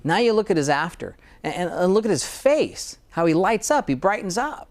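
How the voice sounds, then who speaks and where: A man's voice: high voice, big pitch swings, moderate pace. Earnest man, dentist talking about patients. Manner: earnest, repeats words when starting a thought. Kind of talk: conversational interview.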